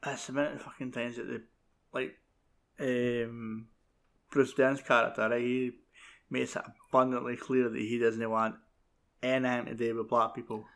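A man chatting about films with a co-host in a relaxed, sweary way. His voice sits at a middling pitch, and he speaks in loose, conversational phrases. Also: moderate pace, creaky. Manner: sweary, laid-back, chatty. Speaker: podcast co-host. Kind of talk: casual film discussion chat.

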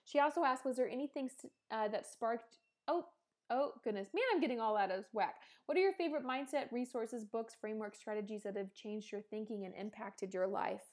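A woman's voice: a little high, fairly quick. A woman in her thirties hosting a podcast, answering listener questions in an earnest, rambling and emotional way. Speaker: podcast host. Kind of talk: casual listener Q&A monologue.

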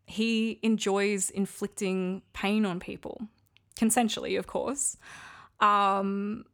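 A woman hosting a podcast speaks in a candid, confiding monologue. Her mid-pitched voice carries a noticeable gravelly fry. She talks frankly and casually, as if chatting with a friend. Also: fairly even intonation, takes it slowly, fairly bright tone. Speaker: podcast host.

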